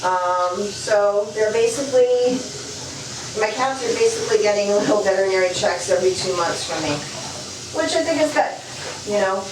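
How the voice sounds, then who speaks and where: A woman's voice: medium pitch, lively intonation, moderate pace, background noise. A woman chatting casually to her camera while she bathes her cats at home, soothing them as she goes. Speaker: cat owner bathing her cats. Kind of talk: casual vlog narration. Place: bathroom at home, tub area. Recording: echoey bathroom, mic at a distance, running water.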